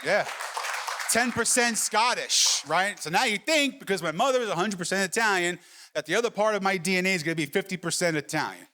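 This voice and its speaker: A man's voice: high voice, expressive, brisk, bright, forceful tone, a faint crowd, a little hiss or hum. A middle-aged man doing a stand-up comedy set, telling brash, profane stories and peppering them with "right?" asides. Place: comedy club stage with live audience.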